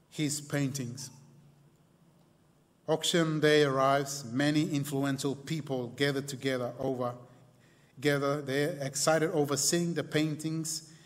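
A man preaching a sermon, telling a story dramatically and slowing down and going quiet on key lines. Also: fairly high pitch. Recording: long hall reverb.

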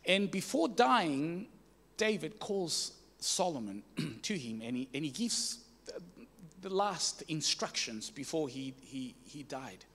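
A man's voice: on the high side, big pitch swings, slow, fairly bright tone, big-room sound. Man preaching with many fillers. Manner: storytelling with many fillers and restarts, rising emphatic peaks. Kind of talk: sermon.

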